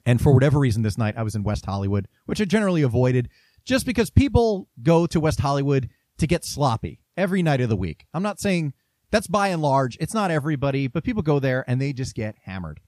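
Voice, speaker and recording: A man's voice: medium pitch, very animated, fast, darkish tone, no echo. A man casually chatting and telling a story as a podcast host, laughing often. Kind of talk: casual chat.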